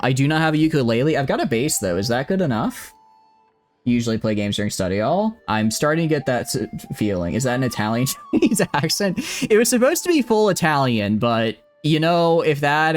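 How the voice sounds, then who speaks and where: Man, streamer, live gameplay commentary, rambling, self-correcting, average pitch.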